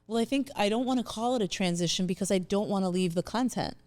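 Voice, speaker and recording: A woman's voice: medium pitch, quick pace, darkish tone, no room sound. A young woman comedian talking casually in an interview, chatty and open. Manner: chatty, emotional, laughs through tears.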